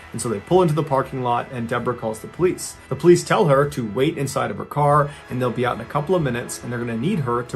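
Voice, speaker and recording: A man narrating true crime stories in a steady, conversational storyteller's manner. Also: medium pitch, creaky.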